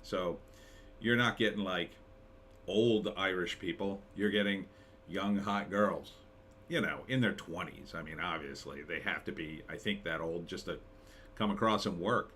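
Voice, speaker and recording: Middle-aged jersey guy, lowish voice, rambling live stream chat with lots of ums, bit of faint noise behind. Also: a little slow, a bit bright. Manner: rambling, chatty, many fillers and restarts. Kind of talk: casual live-stream chat, reading chat comments.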